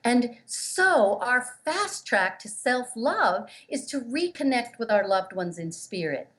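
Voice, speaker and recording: Emphatic woman telling a story, slightly high. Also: big pitch swings, slow pace, a bit bright. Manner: earnest, emphatic, acts out quoted voices. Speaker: guest, relationship therapist. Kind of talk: interview storytelling.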